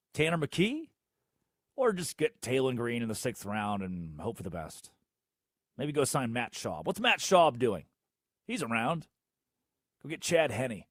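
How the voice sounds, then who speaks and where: Male sports radio host, sarcastic rant, very lively pitch, dry close sound. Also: no room sound. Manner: animated, sarcastic, swings between loud outbursts and mutters. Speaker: sports talk show host.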